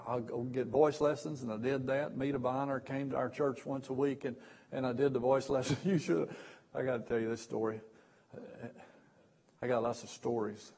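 A man preaching in a husky, slightly rough voice at an everyday pitch. He tells folksy, self-mocking stories from the pulpit, stumbling over and repeating words, and now and then swells into loud bursts. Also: low-quality recording. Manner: bursts into sudden loud stretches. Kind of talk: storytelling sermon.

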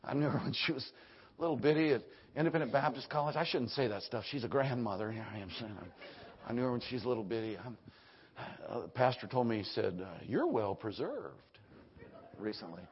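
An older man preaching a sermon, hoarse from singing, swinging from loud emphatic bursts to hushed storytelling. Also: mid-range voice, expressive, fairly quick, lo-fi sound. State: hoarse, voice nearly gone. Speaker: Baptist preacher.

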